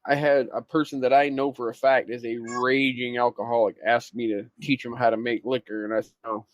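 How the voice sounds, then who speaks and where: A man's voice: mid-range voice, flat delivery, fairly quick, no echo, lo-fi sound. A man co-hosting a podcast in casual chat, telling stories and adding practical tips in a dry, matter-of-fact way. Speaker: podcast co-host.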